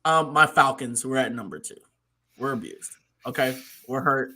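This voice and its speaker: A man's voice: mid-range voice, normal speed, pushed and bright. A man in a casual sports chat with a laid-back, joking manner.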